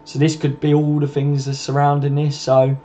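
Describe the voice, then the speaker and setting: On a dull, lo-fi home stream with faint background noise, the host chats casually with viewers, reads their comments and calls them mate. His voice is fairly high and mellow, delivered completely flat at normal speed.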